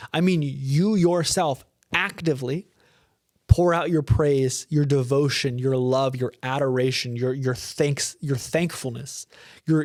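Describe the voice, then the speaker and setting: A man's voice: fairly high pitch, a little mellow, no room sound, studio quality. A man, a pastor, giving an earnest, emphatic podcast talk, often repeating words as he builds a point.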